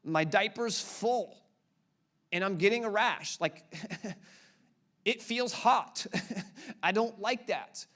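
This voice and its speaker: A man voicing a fussing baby that whines about its discomforts in a raised, drawn-out voice during a sermon. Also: high voice, fairly bright tone, voice pushed up. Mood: whining. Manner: whining, drawn out. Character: whiny fussing human baby complaining.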